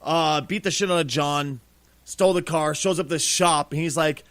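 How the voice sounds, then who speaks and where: Profane, excitable man on a podcast. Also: a little high, normal speed, no room sound. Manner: blunt, profane, excitable storyteller. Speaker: podcast co-host. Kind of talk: casual podcast chat.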